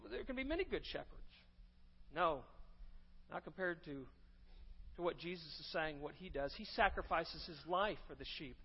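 Male pastor, high-pitched, emphatic sermon delivery, muffled sound with lingering sanctuary echo. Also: breathy edge. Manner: emphatic preaching, repeating key phrases with rising force. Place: church sanctuary. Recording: dull sound with long church reverb.

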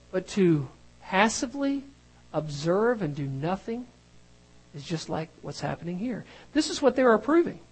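A preacher delivering an emphatic sermon, moving between loud stresses and hushed lines. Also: mid-range voice, breathy edge, poor audio.

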